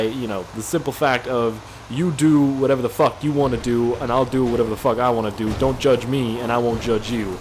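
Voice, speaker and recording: A man's voice: medium pitch, fairly even intonation, brisk, few pauses, poor audio. A man talking over a driving game in casual commentary, with a mid-range voice. He rambles from one story to the next, jokey and heavy on swearing, with a faint hiss of noise behind him. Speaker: gaming video creator.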